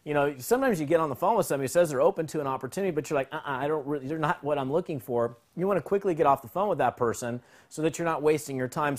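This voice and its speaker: A man teaching a sales phone script in an energetic, conversational way, acting out both sides of calls. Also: medium pitch. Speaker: sales trainer.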